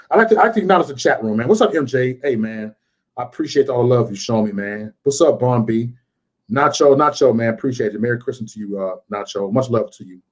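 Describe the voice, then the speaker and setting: A man from Chicago on a live stream, ranting and repeating himself with stammers, swinging from loud outbursts to quiet, upset muttering. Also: medium pitch. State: frustrated and upset. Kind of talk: emotional live-stream rant.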